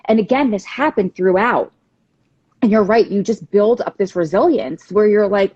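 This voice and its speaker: A woman in her thirties recounts her own experience with earnest candor, speaking at a middle pitch. The sound is dry and a bit dull, like a lo-fi stream. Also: moderate pace, darkish tone, husky, no room sound. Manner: earnest, candid storytelling. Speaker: guest, support group founder. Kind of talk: livestream interview, personal story.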